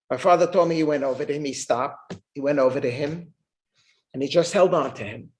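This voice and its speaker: A man's voice: a little high, brisk. An older man, a rabbi, giving an earnest memorial lecture, telling a story and repeating words for emphasis. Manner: earnest, repeats words for emphasis, reads quotes aloud with feeling. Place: synagogue hall.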